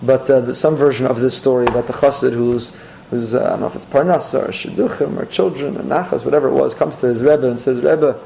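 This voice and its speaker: Brief: male rabbi, mid-pitched gravelly voice, lively sermon storytelling. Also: quick pace, hardly any pauses, noisy background. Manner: animated storyteller.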